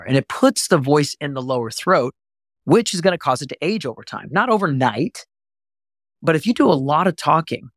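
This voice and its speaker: A man's voice: mid-range voice, animated, normal speed, fairly bright tone, no room sound. Earnest male voice coach, dry sound. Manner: earnest, explains with demonstrations. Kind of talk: instructional talk to camera.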